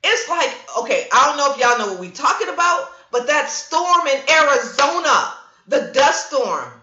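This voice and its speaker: Animated woman chatting on a livestream. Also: high voice, normal speed. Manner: animated storyteller, reads viewer comments aloud. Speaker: livestream host. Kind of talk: casual livestream chat. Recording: roomy, dull lo-fi stream audio.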